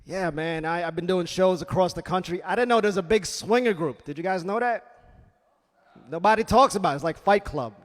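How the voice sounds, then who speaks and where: A man doing a stand-up comedy set on a club stage, punchy and loud, with asides to the crowd. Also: high voice, fairly quick. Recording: reverberant comedy club hall.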